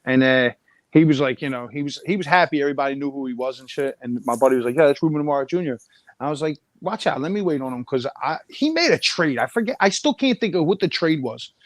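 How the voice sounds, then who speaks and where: A man's voice: fairly high pitch, lively intonation, dry recording. A man, a podcast guest, telling a brash, profane story in casual chat. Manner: brash, quick-talking, profane.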